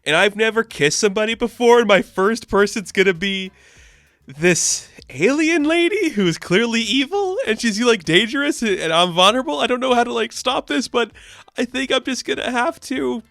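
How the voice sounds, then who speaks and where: A man's voice: very high-pitched, animated, normal speed, gravelly, fairly bright tone, no echo, clean studio sound, voice pushed up, heavily acted. A man voicing a nervous teenage boy hero in a comic book recap, anxious and jittery. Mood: panicked.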